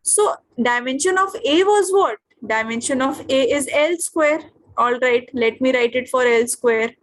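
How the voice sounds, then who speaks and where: A high-pitched woman with an Indian English accent teaches a physics class over a video call. She keeps stopping to ask her students what comes next and whether it is clear. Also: a little slow. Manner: questioning, checks understanding often.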